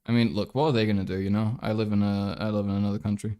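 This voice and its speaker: A man's voice: on the low side, level tone, racing, muffled recording. A man with a half English, half German background hosts a livestream, rambling casually, swearing and restarting his thoughts. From England and Germany. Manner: rambling, profane, thinks aloud with many restarts. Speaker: livestream host.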